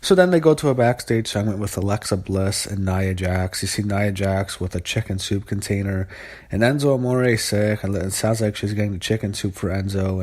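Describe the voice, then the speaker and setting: A man's voice: sits low, a little mellow. A young man giving a loose, rambling spoken recap of a wrestling show, blunt and profane, full of fillers.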